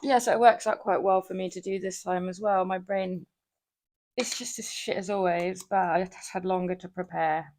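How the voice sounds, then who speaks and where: A woman's voice: fairly low pitch, steady tone, normal speed, darkish tone. A woman livestreaming from her home gym, chatting casually with viewers between lifts, laughing often and swearing now and then. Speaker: livestreamer working out.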